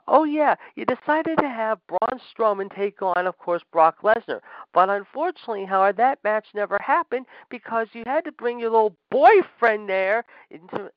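A man's voice: high-pitched, no echo, dull audio. A man hosting a wrestling podcast, ranting angrily and sarcastically and saying "however" over and over. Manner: angry, sarcastic, repeats "however" constantly. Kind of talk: ranting commentary.

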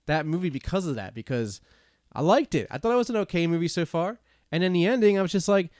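A man co-hosting a podcast in casual banter, ranting in a profane, animated way and laughing. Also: fairly high pitch, fast, dry recording, studio quality. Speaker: podcast co-host.

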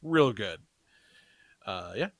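A man hosting a podcast in casual chat, swearing freely and talking in a loose, excitable way. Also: fairly low pitch, slow pace, dry recording. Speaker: podcast host.

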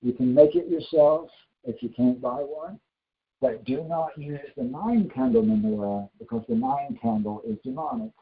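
A man preaching and giving church announcements in a slow, emphatic way, repeating his instructions. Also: medium pitch, animated. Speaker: pastor. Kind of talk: sermon with announcements. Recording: dull lo-fi recording.

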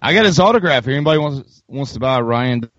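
Lively Southern man, joking podcast host. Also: medium pitch, fast talker, no echo. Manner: joking, animated storyteller. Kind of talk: casual podcast chat. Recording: dull lo-fi dry sound.

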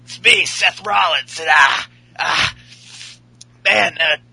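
A man's voice: on the high side, takes it slowly, vocal fry, pushed and bright, breathy edge, heavily acted, low-quality recording. A man doing a sneering impression of a male pro wrestler who hurls profane insults. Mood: taunting.

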